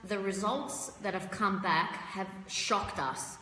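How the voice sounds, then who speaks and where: A woman's voice: medium pitch, slow pace, sharp tone. An Australian woman in her thirties tells her own story on a live stream, blunt and earthy, holding back tears. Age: 30s. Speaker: guest. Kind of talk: emotional personal testimony on a live stream. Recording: echoey room with faint noise.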